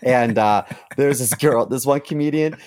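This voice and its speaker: A man's voice: medium pitch, normal speed, a little mellow, no room sound. A man co-hosting a comedy podcast from his room, telling gossipy stories and acting out other people. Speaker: podcast co-host. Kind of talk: casual comedy podcast banter.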